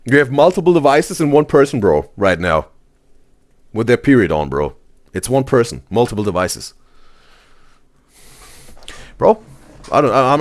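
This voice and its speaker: A man hosting a live stream, reading chat messages aloud in a casual, excitable way and saying "bro" constantly. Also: mid-range voice, normal speed, pauses often. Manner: animated, exclaims "bro" constantly, laughs often.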